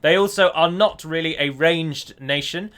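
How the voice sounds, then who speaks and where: A man's voice: a little high, measured pace, a bit bright. A man giving a chatty gameplay voice-over as a mod developer, often correcting himself as he explains.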